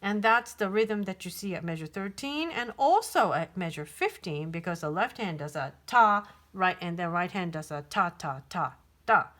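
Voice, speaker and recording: A woman's voice: fairly low pitch, animated, normal speed, hardly any pauses, fairly bright tone. A woman teaching piano, patiently counting beats and singing rhythms, with many ums and restarts. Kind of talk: piano tutorial. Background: piano playing.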